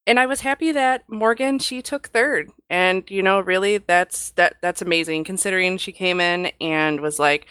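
A woman co-hosting a podcast in casual panel chat, chatty and animated, acting out what people said. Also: on the low side, moderate pace, hardly any pauses, clean tone, dry recording. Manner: animated, acts out quotes, chatty. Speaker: podcast co-host.

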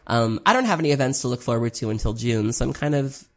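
Talking quickly in a mid-range voice with lively intonation, a card player recaps a tournament casually. The account wanders, is full of "um"s, includes the odd swear word, and is frank about their own errors.

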